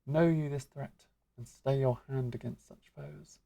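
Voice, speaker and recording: A woman's voice: very deep voice, fairly even intonation, measured pace, creaky, warm tone, full character voice. A woman voicing a grandly theatrical magic guild master who lectures in florid, archaic phrasing. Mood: grandiose.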